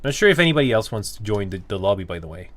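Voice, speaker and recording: Man, game streamer, casual chat, thinking aloud, animated pitch, dry close sound. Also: racing, no room sound. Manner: thinking aloud, rambling with fillers. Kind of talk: casual live-stream chat while gaming.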